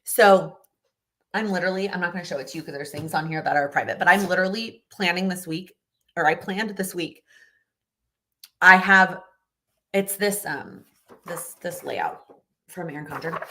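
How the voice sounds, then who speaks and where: A young woman hosts a live Q&A, answering viewer questions in a casual, chatty way and offering encouraging advice while often restarting her sentences. Her voice is fairly low in pitch with a fairly bright tone.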